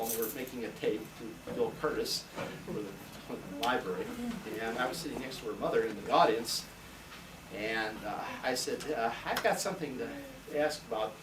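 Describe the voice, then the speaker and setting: An older man, a retired history teacher, telling long rambling anecdotes on a school tour and acting out the voices of the people in them. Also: mid-range voice. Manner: rambling anecdotal storyteller, acts out quoted voices. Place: school classroom, indoors. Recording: roomy, distant, noisy camcorder sound.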